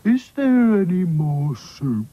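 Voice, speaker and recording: A man playing a gloomy cartoon rag doll who drags every word out in a slow, mournful drawl. The voice sits a little above a normal man's and comes out breathy and sounding set back from the mic. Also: high voice, big pitch swings, muffled recording, voice pushed up, full character voice. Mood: glum. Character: glum slow male rag doll who resists change.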